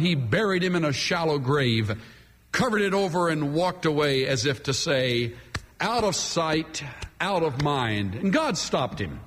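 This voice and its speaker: A man's voice: fairly high pitch, fairly bright tone. A man preaching a sermon from the pulpit, emphatic and dramatic, leaning hard on key words. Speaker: pastor. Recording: long hall reverb.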